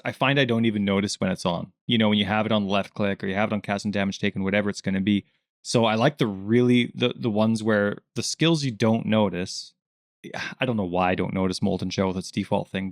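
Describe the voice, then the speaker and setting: A man's voice: lowish voice, no echo, clean studio sound. A man co-hosting a gaming podcast in casual chat, rambling and laughing often. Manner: chatty, laughs a lot, rambling. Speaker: podcast co-host.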